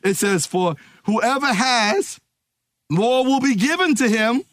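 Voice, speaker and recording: A man preaching a sermon, emphatic and calling out to his congregation, easing into relaxed stories. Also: extremely high pitch, slow pace, dry recording, clean studio sound. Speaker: pastor.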